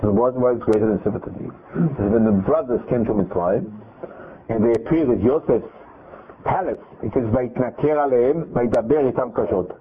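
A man's voice: mid-range voice, brisk, husky. Man retelling a Torah story over phone. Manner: animated retelling with quoted dialogue and restarts. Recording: tinny phone-line audio.

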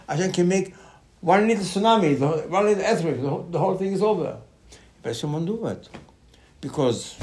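Animated man teaching Torah. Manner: animated, repeats words, leaps in pitch. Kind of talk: Torah class.

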